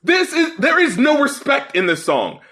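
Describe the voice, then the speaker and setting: High, lively man ranting on a podcast. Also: moderate pace. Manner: heated, profane, rising to shouts. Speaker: podcast co-host. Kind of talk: casual chat.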